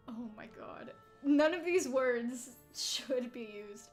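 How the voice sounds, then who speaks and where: A woman's voice: on the high side, measured pace, faint music behind. A young woman streaming a game, giggly and exasperated, laughing through her casual commentary.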